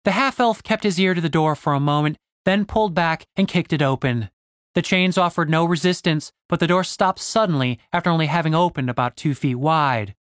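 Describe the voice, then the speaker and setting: A man reading a fantasy novel aloud in a steady storytelling voice. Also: fairly high pitch, brisk, dry recording, clean studio sound. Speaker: audiobook narrator. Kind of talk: scripted fantasy narration.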